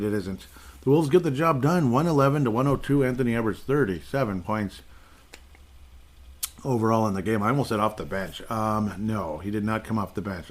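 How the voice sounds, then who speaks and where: Male podcast host, slightly low voice, casual and sarcastic, rambling stat-heavy recap. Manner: rambling, sarcastic, laughs often.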